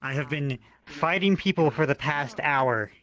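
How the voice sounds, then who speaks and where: A man's voice: on the high side, unhurried, a bit bright. Weary-sounding man with a slight lisp. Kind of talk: in-character role-play.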